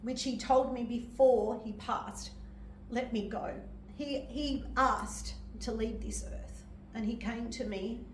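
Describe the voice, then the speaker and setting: An older woman, a medium and reverend, gives a sermon with personal testimony in a gentle, emotional way and laughs often. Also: fairly high pitch, fairly even intonation, slow pace, few pauses, a little hiss or hum. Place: church hall. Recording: echoey hall from far off.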